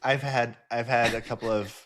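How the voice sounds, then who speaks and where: A man's voice: medium pitch, fairly even intonation, normal speed, fairly bright tone. A man co-hosting a podcast, speaking in a thoughtful, reflective way with frequent fillers. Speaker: podcast co-host. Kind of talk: casual conversation.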